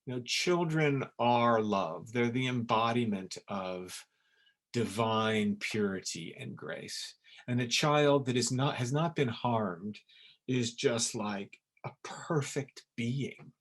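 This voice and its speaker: A man's voice: mid-range voice, takes it slowly. A middle-aged man giving a spoken webinar talk on emotional healing, earnest and emphatic, and he repeats words for stress. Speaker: essence maker giving a webinar.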